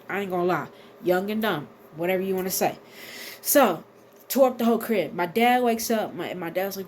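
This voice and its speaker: A woman in her thirties telling a storytime to her viewers in a casual, animated, profane way. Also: mid-range voice, a little hiss or hum. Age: 30s. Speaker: vlogger.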